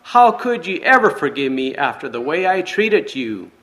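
A man's voice: a little high, very animated, moderate pace, fairly bright tone. A man voicing a broken, condemned prisoner who is sobbing.

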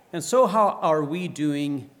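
A man preaching a sermon, reading a story aloud and quoting scripture. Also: fairly high pitch. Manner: reads story aloud, raising voice for quoted shouts.

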